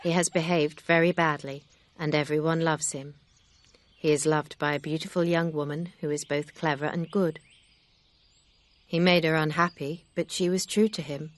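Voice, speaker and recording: A gentle, sincere older gentleman from a storybook speaks plainly and earnestly, read by a woman. The voice is low for a woman and stays close and dry. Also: flat delivery, normal speed, no room sound, close to an everyday voice. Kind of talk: audiobook character reading.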